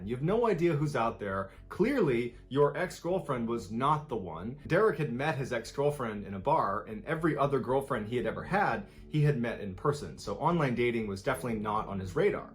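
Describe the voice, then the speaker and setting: Man narrating spooky true stories. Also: medium pitch. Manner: dramatic storytelling, voicing the people in the story. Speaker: storyteller.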